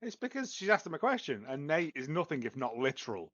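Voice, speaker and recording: A man's voice: a little high, quick pace, no echo, dull audio. A man co-hosting a podcast in casual chat, joking and laughing often about a show. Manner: lively, laughs often, jokey asides. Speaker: podcast co-host.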